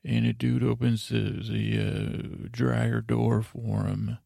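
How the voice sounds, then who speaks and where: Gravelly, monotone man rambling a recap. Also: medium pitch, slow pace, no echo, clean studio sound. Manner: meandering, drowsy monotone, many filler words. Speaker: podcast host. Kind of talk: rambling bedtime episode recap.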